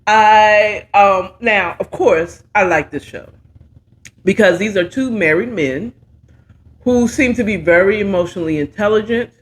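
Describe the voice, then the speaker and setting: Sassy middle-aged lady reviewing a talk show, playful, animated, talks straight to the camera. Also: medium pitch, normal speed. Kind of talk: casual commentary.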